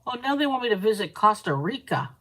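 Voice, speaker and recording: Fast, very animated and pushed bright, this Canadian woman's mid-range voice carries her casual crafting live stream despite poor audio. She reads her viewers' comments out loud and rambles on, chatting with them.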